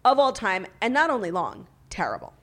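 Sarcastic woman guest, bright voice. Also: a little high, big pitch swings, fairly quick. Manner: blunt, sarcastic, swears casually. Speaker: guest author. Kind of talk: casual chat.

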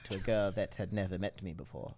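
A man's voice: sits low, fairly even intonation, fairly quick, darkish tone. A man co-hosting a podcast in casual chat, a playful, jokey storyteller. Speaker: podcast co-host.

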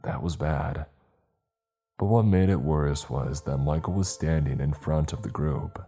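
A man telling a scripted horror story in the first person in a measured, ominous way. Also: a bass voice, dark tone, faint music behind.

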